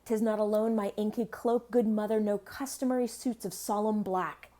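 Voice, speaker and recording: A woman's voice: mid-range voice, fairly even intonation, moderate pace, mellow, natural voice. A woman reading the verse of a grieving young prince, bitter and defiant, in an earnest recitation.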